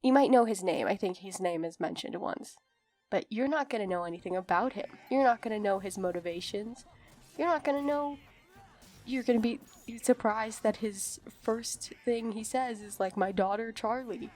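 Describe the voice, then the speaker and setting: A woman's voice: medium pitch, normal speed, darkish tone, faint music behind. A woman creating a gaming video, talking in a chatty, rambling monologue full of fillers and restarts.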